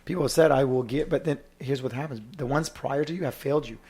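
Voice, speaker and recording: Guy hosting a political podcast, rapid-fire and fired up, mid-pitch voice. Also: mellow. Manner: emphatic, impassioned, campaign-speech tone. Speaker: podcast host. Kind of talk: heated political discussion.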